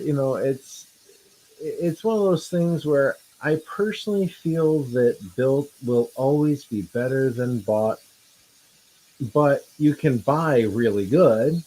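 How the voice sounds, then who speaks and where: A man's voice: medium pitch, warm tone, slight background noise, low-quality recording. A man co-hosting a casual chat, joking and laughing easily. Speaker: podcast co-host.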